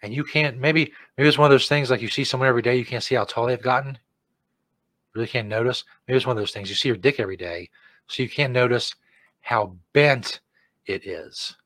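A man hosting a comedy show, mocking a commercial with crude jokes and loud put-on outbursts. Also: medium pitch, brisk, dry recording. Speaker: comedy host reacting to an ad.

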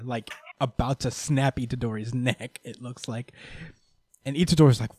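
A man's voice: mid-range voice, a little slow, dry recording, studio quality. Man recapping a story, acting out lines. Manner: animated storytelling, acts out characters' lines, swears. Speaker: podcast host recapping manga. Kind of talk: casual chat.

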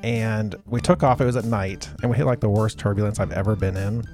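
A middle-aged man co-hosting a casual chat, telling stories in a relaxed way and laughing often. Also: lowish voice, a little fast, faint music behind. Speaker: podcast co-host.

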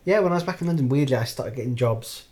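Guy on a podcast telling a story, keeps laughing and going up high when excited. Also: quick pace. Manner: animated, laughs often, jumps into high-pitched excited outbursts. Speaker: podcast guest, actor. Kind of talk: casual storytelling chat.

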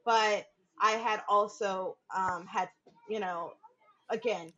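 A woman's voice: mid-range voice, slow pace, highs cut off. A woman, a podcast guest, telling a personal story in casual chat, swearing freely and acting out what others said. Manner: animated, acts out quoted voices, laughs often, swears freely.

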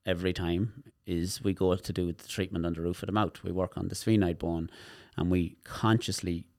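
A man's voice: deep voice, fairly even intonation, moderate pace, a little mellow, no echo, clean studio sound. An Irish man, a therapist guest in a casual interview, explaining things animatedly and often repeating words.

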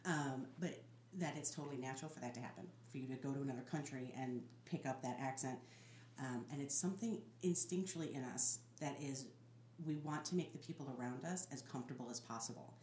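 Brisk and rumbling low, a woman's voice carries a podcast co-host's casual chat, full of laughs and animated storytelling, recorded in an echoey room with faint noise.

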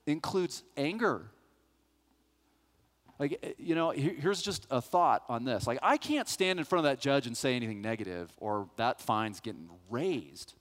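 A middle-aged male pastor with a mid-range voice tells a personal story within a sermon, animatedly acting out the voices of the people involved. The recording carries a long hall reverb.

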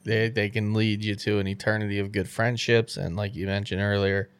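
Male host, low voice, dry close mic, easygoing chat. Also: level tone, a little fast, smooth, no room sound. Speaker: podcast host. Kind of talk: casual chat.

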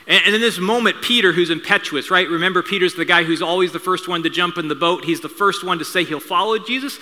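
Brief: male pastor, forceful bright tone, slightly high voice, chatty storytelling sermon. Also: quick pace, few pauses. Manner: conversational storytelling with asides and humor. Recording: reverberant hall sound.

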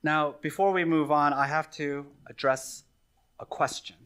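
A middle-aged man preaching from the pulpit with a slightly raised pitch. He teaches earnestly but conversationally, with friendly asides to his listeners. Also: steady tone, unhurried, fairly bright tone, smooth. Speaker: pastor. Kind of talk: sermon.

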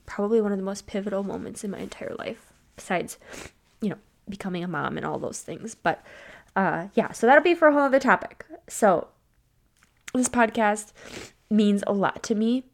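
A woman in her thirties hosting a personal podcast, talking candidly and tearfully, with fillers and halting pauses. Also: mid-range voice, vocal fry. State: tearful, near crying. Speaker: podcast host. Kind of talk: personal solo podcast talk.

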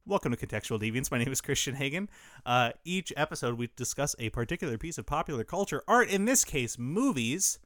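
A man's voice: medium pitch, big pitch swings, a bit bright, no echo, clean studio sound. A man hosting a casual podcast, joking and laughing as he chats about movies. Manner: laughing, joking, quick asides. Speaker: podcast host. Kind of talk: casual banter.

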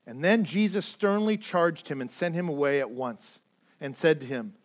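A man preaching a sermon as pastor, earnest, repeating words as he stresses points and swinging between loud and hushed delivery. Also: fairly high pitch, lively intonation, moderate pace.

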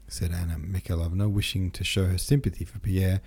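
A man narrating a classic novel in a low, husky voice with a dark, mellow tone. His reading is steady and unhurried, with the occasional small slip corrected on the spot. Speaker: audiobook narrator. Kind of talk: scripted narration.

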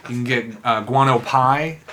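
A man chatting casually on a podcast, telling animated stories with plenty of swearing and laughter. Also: medium pitch, normal speed, noisy background. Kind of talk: casual chat.

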